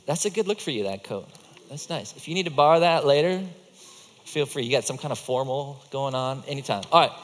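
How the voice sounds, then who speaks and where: A man's voice: medium pitch, a little fast. A man teaching a children's group, acting out a Bible story with volunteers in a playful, coaching way. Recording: echoey hall.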